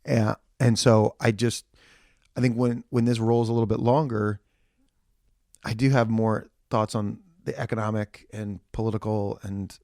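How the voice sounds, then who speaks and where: A man's voice: fairly low pitch, level tone, moderate pace, gravelly, darkish tone, no room sound, clean studio sound. A man co-hosting a church podcast in casual chat, earnest and ranting in bursts with frequent restarts.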